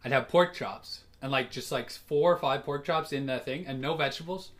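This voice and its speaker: A man's voice: mid-range voice, normal speed, fairly bright tone. A man co-hosting a casual comedy podcast, rambling with lots of fillers and giggles. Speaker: podcast co-host.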